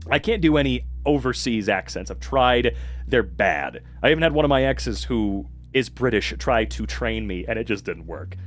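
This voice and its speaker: Man, American, live-stream chat, reads messages aloud, casual swearing, very lively pitch. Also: normal speed, faint music behind. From United States. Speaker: streamer and hobby voice actor.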